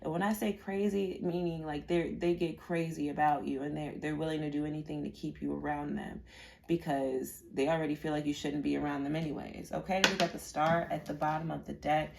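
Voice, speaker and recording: Female tarot reader, low gravelly voice, casual and rambling delivery. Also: steady tone, a little fast. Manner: chatty and rambling, with many fillers and repeated words. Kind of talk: casual pick-a-card tarot reading.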